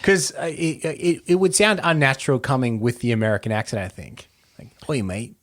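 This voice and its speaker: Casting: young male co-host, mid-pitched, deadpan jokey banter. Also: fairly quick. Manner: dry, joking, builds out playful hypotheticals. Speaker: podcast co-host. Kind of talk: casual chat.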